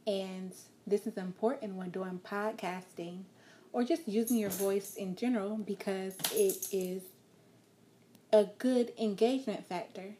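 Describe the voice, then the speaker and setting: A woman giving a spoken lesson on vocal expression, talking calmly and encouragingly and changing her loudness and pace to show examples. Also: medium pitch, unhurried, noisy background. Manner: calm, encouraging, shifts loudness and pace to demonstrate. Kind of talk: instructional talk.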